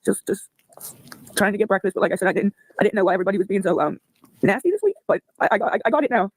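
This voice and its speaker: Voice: mid-range voice, fairly even intonation, rapid-fire, no room sound, low-quality recording. A livestreamer talking to their chat, angry and profane, snapping at comments while asking for donations. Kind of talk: live stream talk to chat.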